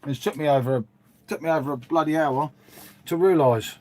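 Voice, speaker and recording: A man's voice: a little high, brisk, a little mellow. A middle-aged man hosting a casual livestream from his dim room at home, rambling and calling his viewers "mate" as he answers them. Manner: chatty, rambling, says "mate" a lot, reads and answers viewers. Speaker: livestream host. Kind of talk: casual live-stream chat.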